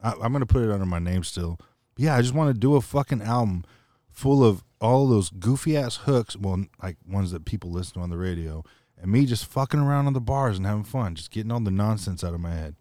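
A man's voice: fairly low pitch, lively intonation, fast, mellow, no room sound. Laid-back middle-aged man, joking. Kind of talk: casual chat.

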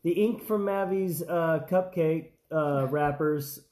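A man's voice: fairly high pitch, slow, a little mellow. A man hosting a family baking taste test in a home kitchen, chatting casually with lots of fillers and restarts.

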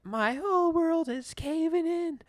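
A man voicing an earnest, confused young woman in a high, drawn-out falsetto. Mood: distraught.

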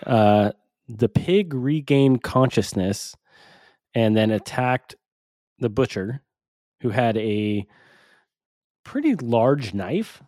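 A young man co-hosting a podcast, talking in a relaxed, casual way and thinking out loud. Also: mid-range voice, slow pace, pauses often, no echo. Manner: relaxed, thinks aloud with fillers. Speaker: podcast co-host. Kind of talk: casual chat.

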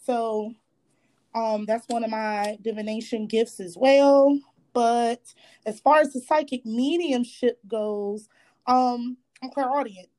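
A woman's voice: a little high, slow. Sassy woman guest on a call. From North Carolina. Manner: sassy, relaxed, says "honey" a lot. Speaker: guest, spiritual worker and tarot reader. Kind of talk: casual podcast interview. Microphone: phone call.

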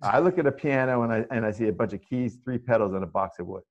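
A man's voice: medium pitch, fast. A man interviewing a guest, asking rambling questions with many hesitations. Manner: hesitant, rambling with fillers and restarts. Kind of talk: conversational interview. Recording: slightly dull, lo-fi audio.

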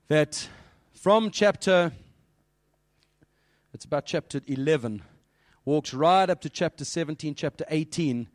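Male pastor, slightly high voice, lively, keeps quizzing the listeners; dry, close sound. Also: no echo. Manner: lively, questioning the audience, quoting scripture. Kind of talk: children's sermon.

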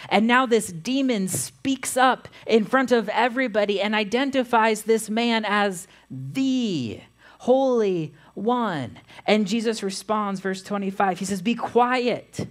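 A woman pastor giving a sermon, reading scripture aloud in a measured way. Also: medium pitch, fairly even intonation.

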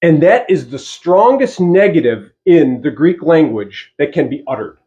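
A man preaching a sermon as pastor, emphatic, slowing down to stress key phrases and putting rhetorical questions to the congregation. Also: a little high, lively intonation, dark tone, dull audio.

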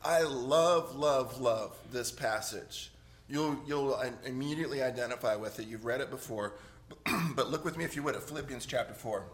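A man's voice: medium pitch, normal speed. A middle-aged male pastor preaching in a church, conversational, with joking asides and repeated words. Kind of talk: sermon. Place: church sanctuary.

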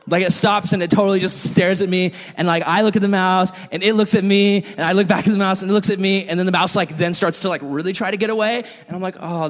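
A young male youth pastor preaches in a loose, chatty way, joking with his listeners as he tells a story. His voice sits fairly high for a man. The sound carries a long reverb from a large hall. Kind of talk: casual sermon.

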